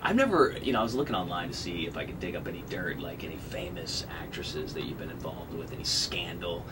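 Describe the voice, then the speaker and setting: A man's voice: sits low, animated, quick pace, noisy background. A man hosting a morning radio show, asking casual, chatty questions with lots of fillers. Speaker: host.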